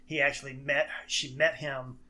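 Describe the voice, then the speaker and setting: A man's voice: medium pitch, little pitch movement, moderate pace, pushed and bright. A man co-hosting a casual podcast, recapping a film plot in a rambling way, full of fillers and restarts. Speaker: podcast co-host. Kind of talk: casual chat.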